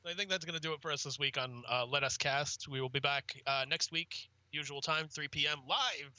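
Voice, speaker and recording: High, bright-voiced joking podcast co-host man. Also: brisk, dry recording, highs cut off. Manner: joking, profane, often putting on voices. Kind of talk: casual podcast chat.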